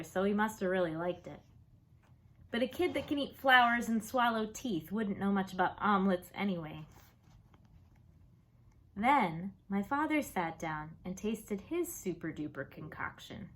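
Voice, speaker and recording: Expressive woman reading a children's story. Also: mid-range voice. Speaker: audiobook reader. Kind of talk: storybook read-aloud.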